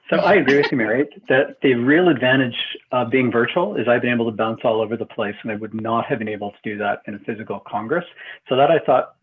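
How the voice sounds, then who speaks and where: A man's voice: mid-range voice, husky. A man, chatting upbeat and casually as a panel guest over a video call. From eastern Canada. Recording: tinny phone-like video call line.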